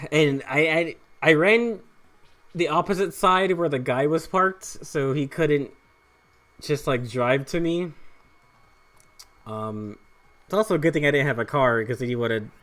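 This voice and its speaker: A man's voice: medium pitch, a little slow, long pauses, fairly bright tone. A young man telling a personal story over gameplay, rambling with frequent swearing, fillers and restarts. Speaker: gaming channel host.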